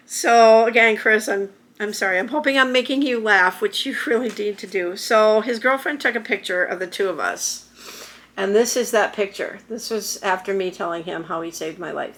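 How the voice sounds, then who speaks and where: A woman's voice: a little high, sharp tone. A middle-aged woman vlogging to camera, telling a personal story in a rambling, emotional way with many restarts. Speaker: YouTuber.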